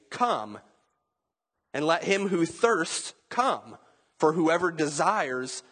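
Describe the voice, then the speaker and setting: A man's voice: fairly high pitch, fairly bright tone. Man preaching in an echoing hall. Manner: conversational, asks the listeners questions, acts out quotes. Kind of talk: sermon. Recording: long hall reverb.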